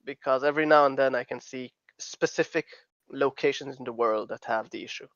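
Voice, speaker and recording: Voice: mid-range voice, a little fast, a bit bright, no echo. A tabletop game player talking over voice chat, joking and giggling between in-character lines. The voice comes through a slightly muffled home mic, very dry and close. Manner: playful, giggly in-character quips.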